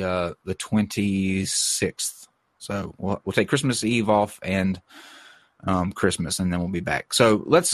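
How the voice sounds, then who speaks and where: A man's voice: lowish voice, fairly bright tone, dry recording. A man with a stuffy cold hosting a podcast in casual chat, rambling with lots of fillers and restarts. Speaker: podcast host.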